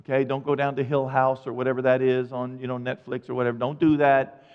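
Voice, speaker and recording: A man preaching a sermon, reading scripture and retelling it in casual modern speech, swinging between loud and hushed. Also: mid-range voice, little pitch movement, fast talker, clear, resonant tone. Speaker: pastor. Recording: reverberant hall, muffled sound.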